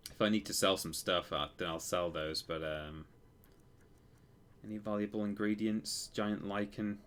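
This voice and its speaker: A man's voice: on the low side, little pitch movement, moderate pace, a bit bright, a little hiss or hum. A man casually commenting while he plays a game on a live stream, rambling and correcting himself as he tells stories. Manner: rambling, self-correcting storyteller.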